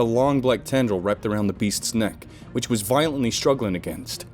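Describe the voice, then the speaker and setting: A man's voice: mid-range voice, normal speed, few pauses, a little mellow, faint music behind. A man narrating a first-person horror story in a dramatic, lurid style.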